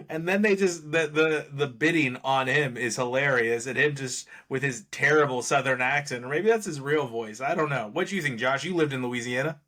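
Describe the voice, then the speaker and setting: A man's voice: medium pitch, normal speed, pushed and bright. A man co-hosting a podcast, chatting casually about a movie with a wry, sarcastic edge and frequent laughter. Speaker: podcast co-host. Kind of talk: casual movie review chat.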